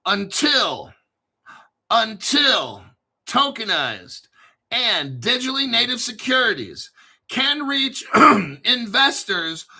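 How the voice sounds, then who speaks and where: A man's voice: very high-pitched, sing-song, takes it slowly, sharp tone, breathy edge. A man hosting casual crypto commentary, swearing freely and bantering back and forth with himself.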